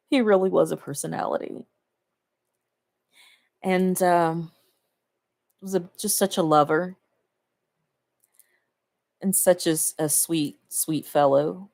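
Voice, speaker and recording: A woman talking casually to the camera, reflecting fondly and laughing between her thoughts. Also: sits low. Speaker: vlogger.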